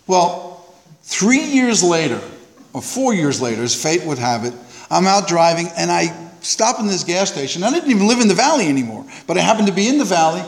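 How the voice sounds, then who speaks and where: A man sharing at a recovery meeting, telling a self-mocking, animated story that rises loud and high at the funny parts. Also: in a large hall. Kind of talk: storytelling share.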